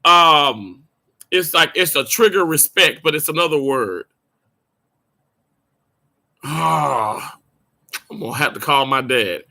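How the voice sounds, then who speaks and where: A man chatting casually with viewers on a live stream, animated and talkative, laughing easily and often restarting his sentences. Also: a little high, slow pace, vocal fry, long pauses.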